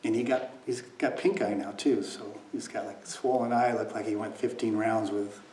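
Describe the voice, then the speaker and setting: A man's voice: on the low side, fairly even intonation, moderate pace, warm tone. A man giving a meditation talk, telling a personal story, acting out quoted voices and dropping to near whispers at times. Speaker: meditation teacher. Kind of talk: dharma talk. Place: meditation hall. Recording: echoey room, mic at a distance, faint noise.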